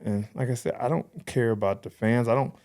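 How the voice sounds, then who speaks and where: Brief: man, 30s, interview guest, quick delivery, animated storyteller who voices the people in his stories. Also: mid-range voice. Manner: animated storyteller acting out quoted dialogue. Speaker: podcast guest. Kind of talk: casual interview chat.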